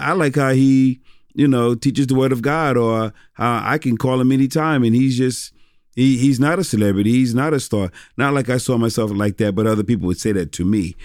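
A man's voice: mid-range voice, a little mellow, no room sound, clean studio sound. A middle-aged man, a pastor and former rapper, telling stories in a casual interview, rambling with many restarts and fillers.

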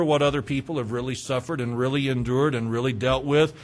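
A middle-aged male pastor preaching a sermon, animated, swinging between loud urging and quiet asides. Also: medium pitch, brisk, hardly any pauses.

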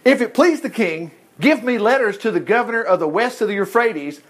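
Male preacher, conversational sermon, folksy and chatty, high voice with lively swings. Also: a little fast. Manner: folksy, animated, self-interrupting, acting out scripture dialogue.

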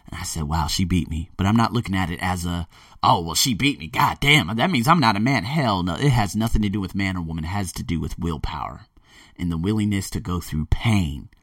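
A man hosting a motivational podcast, rambling energetically and swinging between loud excitement and quiet earnestness. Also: deep voice, a little fast, dry recording, studio quality, distant mic. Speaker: podcast host. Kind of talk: motivational monologue.

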